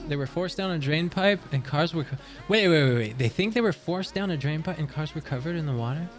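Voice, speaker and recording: Streaming from Canada with faint music in the background, a young man talks briskly in a slightly high, expressive voice. He rambles and curses in easygoing chat with viewers, reading their messages aloud.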